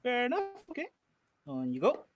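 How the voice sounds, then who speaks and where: A man's voice: very high-pitched, wildly swooping pitch, fairly quick, noisy background. A man running a tabletop game as game master, in an easygoing, laid-back way.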